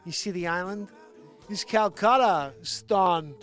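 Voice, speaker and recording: A man doing a slow, oddly halting realtor. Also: high voice, fairly bright tone, soft background music. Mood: showy. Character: middle-aged male realtor, slow odd celebrity cadence.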